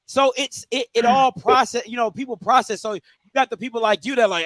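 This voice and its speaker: A man's voice: very high-pitched, brisk, few pauses, a bit bright, no room sound. A man hosting a call-in sports show, talking casually and laughing, with "you know what I'm saying" again and again.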